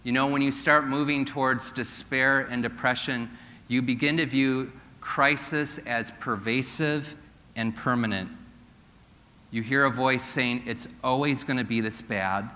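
An earnest male preacher with a bright, forceful voice. He drops to a slow hush for his key points. His sermon rings out with a long reverb from the church hall. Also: mid-range voice, steady tone. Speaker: pastor.

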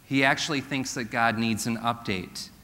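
A male pastor giving an earnest sermon in a church and slowing to a hush for key points. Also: medium pitch, steady tone. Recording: long hall reverb.

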